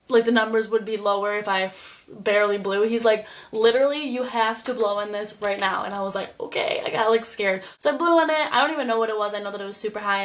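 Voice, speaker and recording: A young woman telling a story in a casual vlog, chatty and full of "like" and "literally.". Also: medium pitch. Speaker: vlogger.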